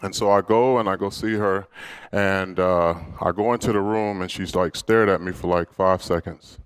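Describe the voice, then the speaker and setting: Smooth low-voiced man telling stories onstage. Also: steady tone, moderate pace. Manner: candid, humorous storytelling to an audience. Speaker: motivational speaker. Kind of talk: inspirational storytelling speech.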